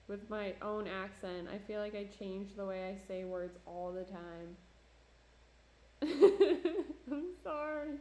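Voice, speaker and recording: While working on pottery during a stream, a New Jersey woman chats away, laughing often and poking fun at herself. Her mid-range voice is slightly mellow, and the recording has a roomy echo plus slight background noise.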